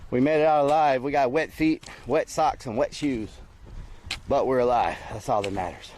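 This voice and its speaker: A relaxed, chatty man streams live from outdoors beside the water and keeps up a running talk with his viewers. His voice sits in a middling pitch, with a faint layer of outdoor noise behind it. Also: normal speed. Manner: casual, chatty, addresses viewers as y'all.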